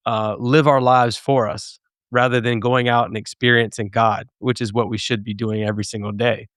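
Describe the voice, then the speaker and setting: A man's voice: mid-range voice, flat delivery, moderate pace, a bit bright, dry recording, clean studio sound. A man speaking as a podcast guest on a video call, emphatic and scornful, repeating phrases for stress. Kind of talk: casual conversation on a podcast.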